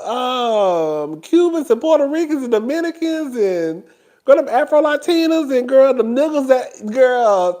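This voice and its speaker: High-pitched, chatty man. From Houston, Texas. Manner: animated and gossipy, laughs often, addresses listeners as "girl" and "child". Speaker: host. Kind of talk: casual chat to camera.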